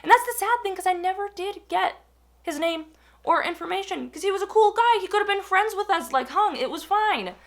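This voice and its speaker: A young adult woman telling a personal story in a casual, animated way, full of fillers and acted-out quotes. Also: very high-pitched, fairly quick.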